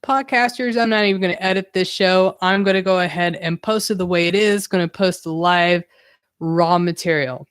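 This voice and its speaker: A woman's voice: fairly low pitch, fairly even intonation, normal speed, smooth, no room sound, studio quality. A young woman hosting her own podcast live stream, talking candidly and a bit ramblingly. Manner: candid, rambling, self-reflective. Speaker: podcast host. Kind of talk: casual solo live-stream talk.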